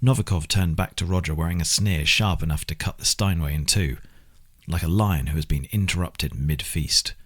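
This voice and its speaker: A man narrating an audiobook with measured, expressive storytelling. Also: sits low, breathy edge.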